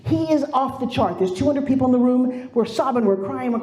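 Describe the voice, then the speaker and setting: A middle-aged woman giving a motivational speech on stage, telling stories with lively acted-out quotes. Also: on the high side, fast, roomy sound. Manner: animated storytelling, acts out quoted voices. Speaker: motivational speaker. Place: stage in a large room.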